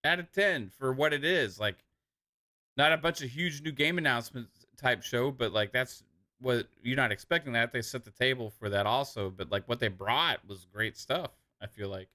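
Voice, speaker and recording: A man's voice: medium pitch, normal speed, bright, forceful tone. A man co-hosting a live stream, chatting casually and enthusiastically about game trailers in loose slangy talk. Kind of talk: casual gaming show chat.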